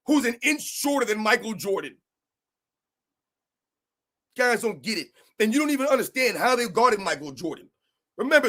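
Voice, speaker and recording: A man's voice: very high voice, pushed and bright. A man hosting a heated sports rant, emphatic and argumentative, hammering his points by repeating them. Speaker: sports commentary host.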